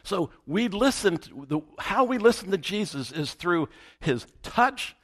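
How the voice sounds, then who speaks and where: A man's voice: high voice, big pitch swings, measured pace, fairly bright tone. A man preaching a sermon as pastor, emphatic and repeating his key phrases for weight.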